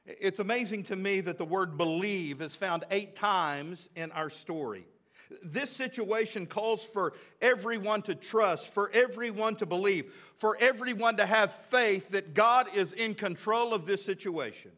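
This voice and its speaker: A pastor with a bright, high-pitched voice delivers a sermon. He hammers key phrases through repetition and drops from strong emphasis to near-hushed tones. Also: unhurried. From United States. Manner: emphatic preaching with big swings from loud to hushed.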